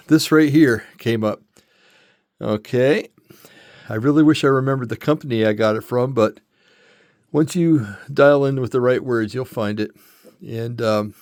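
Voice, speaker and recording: An older man who does metal casting as a hobby casually shows off a tool, his medium-pitched, darkish voice a little out of breath. He rambles, corrects himself often, and uses lots of fillers. The studio sound is clean, with no room sound.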